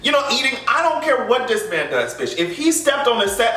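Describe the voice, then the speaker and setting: Bright, high-voiced man ranting sassily. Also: brisk, hardly any pauses, reverberant, far from the mic. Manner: animated, profane, sassy and playful. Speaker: vlogger reviewing a TV finale. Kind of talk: casual rant to camera.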